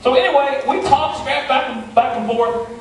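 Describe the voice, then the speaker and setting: At a moderate pace and in a very high-pitched voice, a middle-aged man with a West Virginian Appalachian accent tells a comic tall tale, folksy, playful and self-deprecating. The recording is from a distant mic in an echoey hall, with slight background noise.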